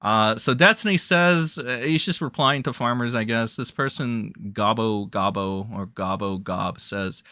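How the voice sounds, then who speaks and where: A man's voice: mid-range voice, unhurried, few pauses, pushed and bright, smooth, no echo, clean studio sound. A man ranting as a commentary streamer, profane, sarcastic and incredulous.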